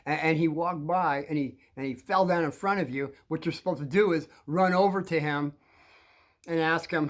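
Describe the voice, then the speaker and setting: An older man telling a rambling personal story, halting with many restarts and chuckles. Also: a little high, expressive.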